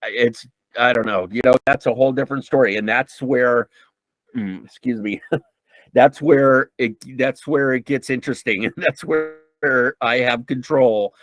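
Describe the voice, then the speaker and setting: Male speaker for a mental health talk, mid-pitched, dry close sound, emphatic and repetitive, earnest. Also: measured pace, fairly bright tone, no echo, poor audio. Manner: emphatic and repetitive, restarting sentences; earnest, with frequent ums. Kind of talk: informal talk on emotional intelligence.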